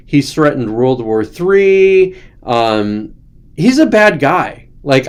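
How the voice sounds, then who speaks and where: A man hosting his own show, talking in a loose, ranting, sarcastic way and often slipping into mocking quotes. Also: a little high. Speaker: host. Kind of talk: casual political commentary.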